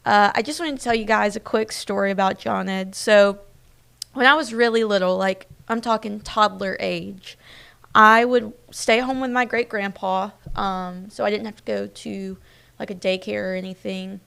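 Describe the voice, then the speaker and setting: A twenty-something news host with a mid-range voice that's gravelly, a bit bright and smooth talks casually on a live-streamed local news show. Her manner is chatty and personal, with plenty of fillers.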